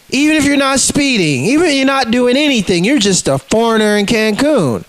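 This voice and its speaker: A man's voice: very high-pitched, expressive, brisk, few pauses, a bit bright, rough recording. A man ranting casually to the camera, heated and profane, acting out the people in his stories. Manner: profane, heated, acts out quotes in scenes.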